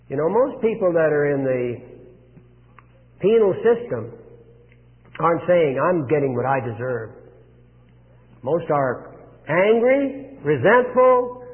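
Male preacher, fairly high voice, emphatic delivery, long echo in a big room. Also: big pitch swings. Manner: earnest, emphatic, slows for stress. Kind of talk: sermon. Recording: phone-like, long reverb.

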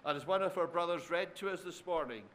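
Speaking fast with a fairly bright tone, this preacher's voice sits a little high. He keeps addressing the congregation as dear friends, tossing them tag questions and repeating phrases for emphasis.

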